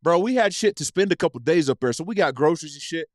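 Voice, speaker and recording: A man, telling an animated, profane story as a podcast guest. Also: fairly high pitch, fast, dry recording, clean studio sound. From East Tennessee. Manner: animated, profane, acts out scenes in his stories. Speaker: podcast guest, former football player. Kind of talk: casual storytelling chat.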